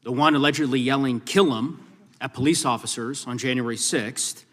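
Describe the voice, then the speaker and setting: A man's voice: medium pitch, normal speed, a bit bright. A congressman firmly questioning a witness at a hearing, pressing and talking over her interruptions. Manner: firm, pressing, reclaims time, talks over interruptions. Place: large hearing room. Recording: reverberant hearing room.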